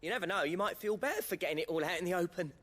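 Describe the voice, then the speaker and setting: An actor playing a chatty, slangy working-class friend in a video game. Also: male voice, high voice, expressive, racing, a bit bright. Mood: pleading.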